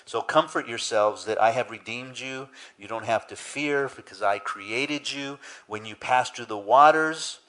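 A male pastor giving a sermon, chatty with "you know" and "right", swelling loud and high when retelling scenes and dropping soft for reflection. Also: measured pace, hardly any pauses.

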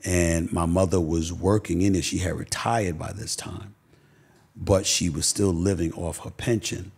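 A middle-aged New York man guesting on a talk show and telling stories. His voice is low and gravelly, with a husky edge. He talks emphatically and keeps restarting his sentences. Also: steady tone, unhurried, darkish tone. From Queens, New York. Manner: emphatic storyteller with many restarts. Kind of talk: podcast interview, storytelling.

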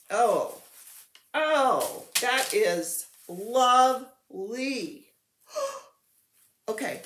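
A chatty woman with a pitch that swings up and down as she gushes, playful and easily thrilled. She talks at an unhurried pace. Her voice rings a little in an echoey room at home, with faint background noise. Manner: excitable, gushing, playful. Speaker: cross-stitch vlogger. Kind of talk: casual show-and-tell chat. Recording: roomy echo.

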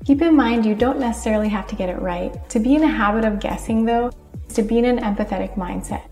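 A woman narrates a lesson in a calm, measured way, slipping into short example lines as she goes. Her voice sits on the higher side. The recording is roomy, with faint music playing underneath. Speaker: teacher of communication skills. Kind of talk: scripted explanatory narration. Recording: echoey room with faint music behind.

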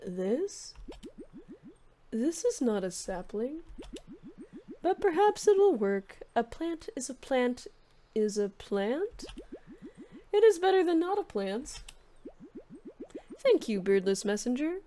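A woman voicing a hushed, solemn forest creature. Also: high-pitched, sing-song, full character voice. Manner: slow, hushed, formal third-person speech. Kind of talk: reading game dialogue aloud in a voice.

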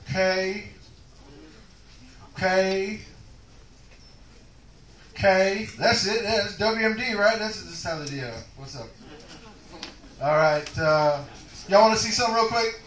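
Man, stand-up comic, high voice, bright and forceful, profane rambling, echoey club room heard from afar. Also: lively intonation, normal speed, distant mic. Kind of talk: stand-up comedy set. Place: comedy club stage.

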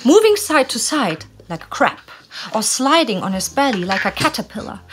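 Lively high-voiced woman storyteller. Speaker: documentary co-narrator. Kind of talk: conversational history narration.

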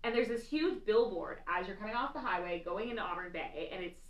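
A woman's voice: mid-range voice, a little fast, highs cut off. A woman in casual conversation, telling stories with lots of laughter and "like". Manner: chatty, laughing storyteller, lots of "like". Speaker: co-host. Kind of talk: casual chat. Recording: roomy sound from a distant mic.

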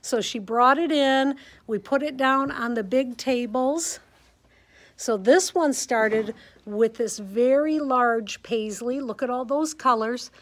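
A woman's voice: fairly high pitch, slow. A woman with a Midwestern American accent, a quilting teacher chatting casually as she walks viewers through a classroom show of quilts. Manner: chatty, enthusiastic, talks to viewers while filming. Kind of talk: casual show-and-tell walkthrough. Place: sewing center classroom.

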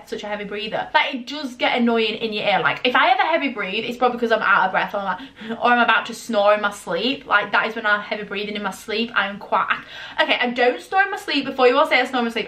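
A woman's voice: on the high side, bright, forceful tone. A young woman, chatting sassily in a casual vlog, full of "like" fillers. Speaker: YouTuber.

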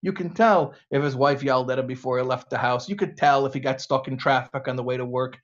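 A rabbi with an American accent gives a conversational lecture to students, drawing them in with rhetorical questions, in a slightly muffled recording. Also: male voice, mid-range voice, fairly even intonation, fast talker. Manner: engaging, asks rhetorical questions.

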